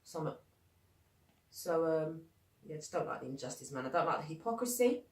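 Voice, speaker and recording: A woman's voice: low voice, animated, a little fast, a little mellow, recorded from a distance. A young woman hosting a casual podcast chat. She is blunt and swears freely. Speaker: podcast host. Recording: echoey room, voice from off the mic.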